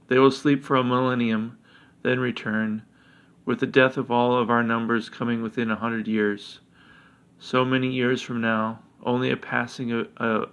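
A man voicing an ancient dragon who speaks in solemn, measured prophecy. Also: medium pitch, gravelly, a bit bright, lo-fi sound.

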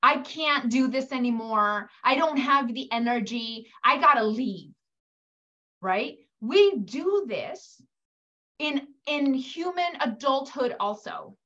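A woman with a high voice gives a slow coaching talk to mothers, addressing them directly. She animatedly acts out quoted parents and kids, and the recording has its highs cut off.

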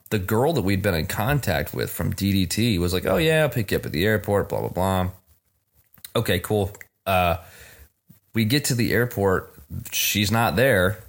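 A man in casual chat, telling a story and laughing often as he talks. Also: lowish voice. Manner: laughs often while talking.

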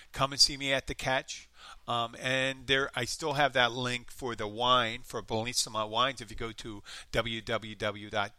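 A man with a light Philadelphia accent hosts his own podcast in a loose, rambling chat, poking fun at himself. His voice is very bright and forward. The sound is dry and close, with no room around it. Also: mid-range voice, dry recording. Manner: rambling, self-deprecating, chatty. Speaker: podcast host. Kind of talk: casual solo podcast chat.

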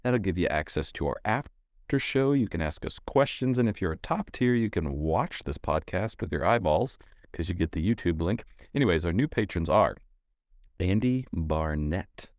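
A man co-hosting a casual podcast, cracking jokes while he reads out thanks to sponsors and patrons. His voice is very low but swings widely in pitch. The recording is dry and close. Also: expressive, normal speed, no room sound. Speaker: podcast co-host.

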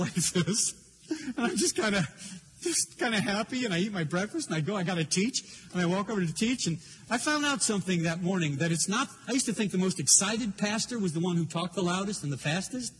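An older male pastor preaches in a high voice, earnest and openly emotional as he tells his story. Faint noise hangs behind him. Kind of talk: sermon.

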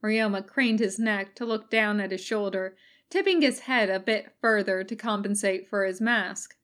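A woman reading fan fiction aloud as a recorded podfic, in calm, even narration. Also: mid-range voice, normal speed. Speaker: podfic reader.

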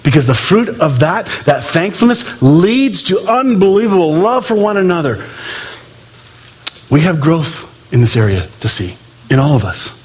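A man preaching a sermon in an animated way, acting out quoted voices and swinging between loud and hushed delivery. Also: on the high side, moderate pace, breathy edge. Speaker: pastor.

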